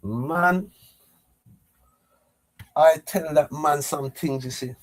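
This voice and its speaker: A middle-aged man vlogging, telling a story in an animated way, stammering and repeating words as he acts out what was said. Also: fairly high pitch, extremely slow.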